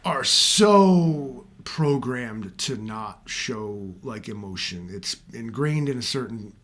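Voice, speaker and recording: A man's voice: mid-range voice, expressive, takes it slowly, a bit bright. A man ranting casually to his viewers in a vlog, rambling and swearing often as he talks straight to them. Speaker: vlogger. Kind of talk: casual rant to camera.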